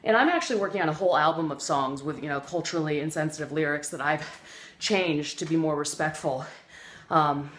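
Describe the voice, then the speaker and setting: A woman rambles earnestly through a comic motivational monologue, stumbling over fillers and restarting her sentences. Her voice sits a little low, and the room around her is echoey with faint background noise. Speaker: self-help vlogger.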